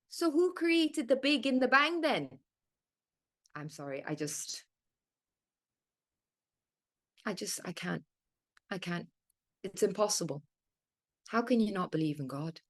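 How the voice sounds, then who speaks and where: A woman's voice: medium pitch, sing-song, measured pace, long pauses, fairly bright tone. A woman performing a monologue as a dry, tongue-in-cheek woman who lectures others about faith. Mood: exasperated. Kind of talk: monologue reading.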